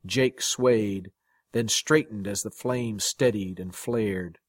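A man reading a short story aloud as its narrator, in a measured, dramatic way. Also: on the low side, dry recording, studio quality. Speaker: story reader. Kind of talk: scripted narration.

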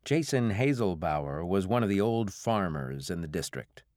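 A man reading a novel aloud as an audiobook narrator, in a measured, even way. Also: sits low, no echo, studio quality. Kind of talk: scripted narration.

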